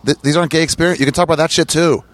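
A man's voice: on the high side, steady tone, very fast. A man hosting an interview, blunt and profane, laughing easily. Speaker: podcast host. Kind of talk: casual interview chat.

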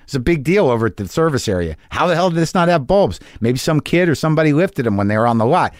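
A man's voice: a little high, sing-song, fast talker, no room sound, studio quality. Profane, anxious man telling a story. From New Jersey. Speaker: podcast host. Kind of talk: rambling comic monologue.

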